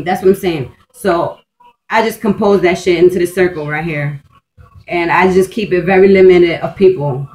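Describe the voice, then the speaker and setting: On a rough recording, a woman with a lowish, slightly mellow voice speaks at a moderate pace. Her vlog is a casual, rambling monologue where she swears a lot, restarts sentences and keeps saying "like," all in a blunt, streetwise, intense and emphatic manner.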